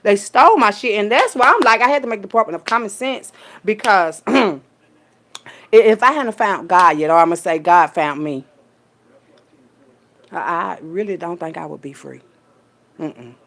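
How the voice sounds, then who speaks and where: A woman, telling a story in a casual rant full of profanity and swinging between loud, high bursts and low, quiet asides. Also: normal speed, pauses often. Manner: animated, profane, streetwise storytelling with big pitch jumps when quoting people. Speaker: vlogger.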